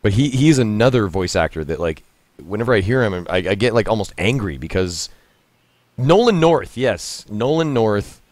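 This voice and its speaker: A man chatting casually as he plays a game, laughing often and reacting out loud to the action. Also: lowish voice, lively intonation, normal speed, no echo. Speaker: streamer and host. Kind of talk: casual gameplay commentary.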